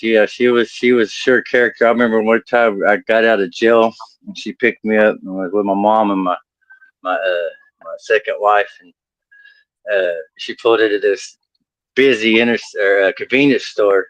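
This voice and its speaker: A stand-up comedian with a drawl tells rambling stories and laughs at his own jokes in a storytelling set. His lowish voice holds a fairly even intonation at normal speed, captured dry and dull through a home computer mic on a video call.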